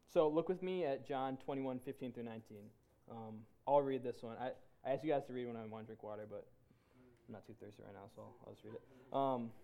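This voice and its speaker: A man leading a Bible study for men, talking in an earnest, halting way with many restarts. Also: medium pitch, warm tone. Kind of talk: casual sermon to a men's group.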